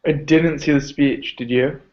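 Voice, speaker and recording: A man's voice: on the high side, steady tone, unhurried. A man who is a guest on a casual podcast, talking loosely and dropping lots of "like"s, on a dull lo-fi recording. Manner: loose, filler-heavy talk with many "like"s. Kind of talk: casual chat.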